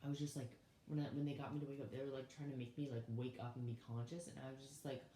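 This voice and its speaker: A young adult man telling a story on his vlog, rambling and swearing, filling every pause with "like". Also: medium pitch, flat delivery, warm tone, a little hiss or hum. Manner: rambling, heavy use of "like", swearing. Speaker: vlogger. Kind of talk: casual story time. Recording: roomy echo, faint background ambience.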